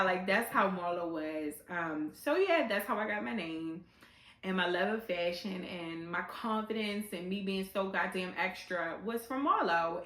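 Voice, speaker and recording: A woman's voice: medium pitch, a bit bright, echoey room. A woman in her thirties hosting a podcast, talking candidly and bluntly in a casual monologue with some swearing. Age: 30s. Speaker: podcast host.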